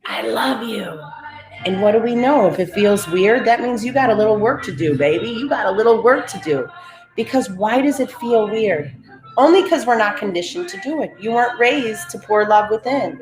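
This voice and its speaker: A woman's voice: a little high, lively intonation, normal speed, roomy sound, over music. A woman leading a live-streamed guided breathing and affirmation session, coaxing listeners through repeated instructions and reading out viewers' names. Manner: repetitive, coaxing instructions, calls listeners "baby"; reads out viewers' chat names.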